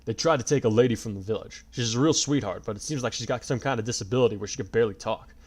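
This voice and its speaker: A man's voice: mid-range voice, rapid-fire, a little mellow, lightly acted. A man voicing a big, easygoing fellow who explains things in a laid-back, reassuring way. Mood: explaining.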